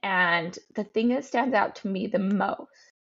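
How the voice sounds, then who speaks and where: Woman in her thirties, podcast guest, personal storytelling, halting and emotional, mid-pitched voice, dull lo-fi sound. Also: fairly bright tone. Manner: halting, emotional, frequent ums and restarts.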